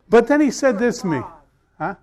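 A man's voice: extremely high pitch, a little mellow. A male pastor preaching a sermon, telling a casual story before reading scripture with rising emphasis.

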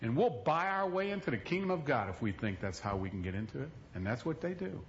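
A middle-aged male pastor preaching an animated sermon, swinging between loud stretches and hushed ones. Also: mid-range voice, quick pace, lo-fi sound, slight background noise.

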